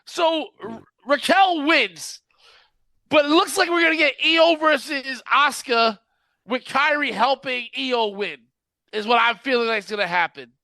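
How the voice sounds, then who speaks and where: A man's voice: extremely high pitch, measured pace, pushed and bright, dry recording, clean studio sound. A man hosting a casual wrestling podcast, ranting in an exasperated tone and laughing often. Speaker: podcast host.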